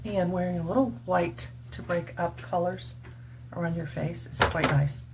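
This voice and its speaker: Chatty woman in her sixties, low voice. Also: fairly even intonation, moderate pace, a little hiss or hum. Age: 60s. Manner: chatty, earnest, laughs often. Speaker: vlogger. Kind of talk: casual makeup chat and testimony.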